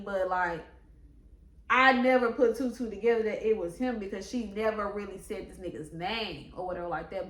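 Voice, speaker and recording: A young woman speaking tells a storytime, animated and profane, breaking into sudden high squeals. Her voice is bright and sharp, and it sits a little high for a woman. The room gives it a noticeable echo. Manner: quotes others in a slower voice. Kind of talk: storytime vlog. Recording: echoey room.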